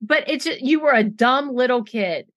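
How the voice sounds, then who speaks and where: A woman in her forties recaps a show in fast, sarcastic chat. Her voice sits fairly high and sounds close and dry, and she slips into mocking impressions. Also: a bit bright, dry recording, dull audio. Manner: quick, sarcastic, quotes others in mocking voices. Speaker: podcast co-host recapping a reality show. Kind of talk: casual chat.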